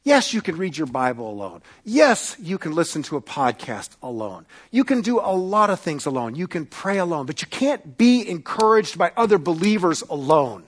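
Animated preaching man. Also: fairly high pitch, moderate pace, hardly any pauses. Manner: animated, swings between loud emphatic peaks and quiet asides; retells stories with quoted voices, self-correcting restarts. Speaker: pastor. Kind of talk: sermon.

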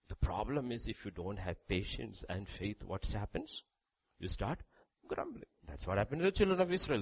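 A man delivers a sermon with a husky, slightly breathy voice. His pitch swings widely, jumping from soft, low passages to loud, high emphasis as he reads scripture aloud. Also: low-quality recording. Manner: dynamic delivery, sudden loud rises and quiet drops. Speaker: preacher.

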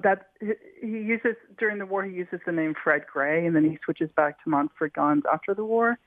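A woman's voice: medium pitch, dry recording. A woman author being interviewed, telling a story eagerly, with frequent restarts and fillers. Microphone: telephone. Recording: tinny phone line, dry.

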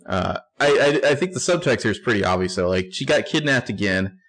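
Low-voiced man recapping a TV scene. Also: animated, a little fast, fairly bright tone. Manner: narrates scenes with wry asides and laughs. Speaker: podcast co-host. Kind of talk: casual TV recap chat.

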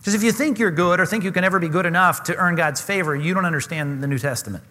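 A man's voice: high voice, quick pace, sharp tone, big-room sound. A man preaching a sermon, earnest and emphatic, often asking his listeners questions. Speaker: pastor.

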